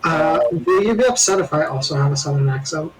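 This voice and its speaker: A man's voice: fairly high pitch, lively intonation, brisk, a crowd in the background, low-quality recording. A man chatting at a tabletop game, joking with hesitant fillers. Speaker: player. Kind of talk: casual tabletop game chat. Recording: clear background noise.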